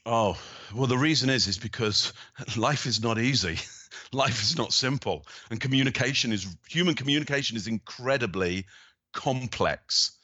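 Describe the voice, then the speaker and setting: A man's voice: mid-range voice, normal speed, sharp tone, no room sound. A middle-aged man answering interview questions as a body language expert, explaining thoughtfully and often restarting his phrases.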